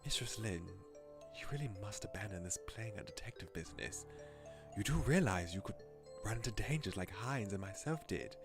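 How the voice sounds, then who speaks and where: A man voicing a proper, protective male butler with a low, formal way of talking. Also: animated. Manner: formal, low, measured, softly scolding. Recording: game music behind.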